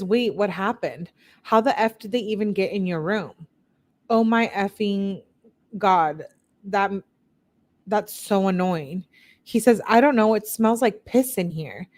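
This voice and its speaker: A true-crime commentator reads text messages aloud, raising her voice a little for the quoted lines and breaking off for blunt, candid asides. Her voice is medium in pitch and darkish in tone, with lively intonation. She speaks slowly and leaves long pauses.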